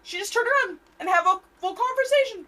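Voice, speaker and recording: Woman, sassy co-host, bright tone, blunt casual storytelling. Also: very high voice, lively intonation, fast, slight background noise, poor audio. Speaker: podcast co-host. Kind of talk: casual chat.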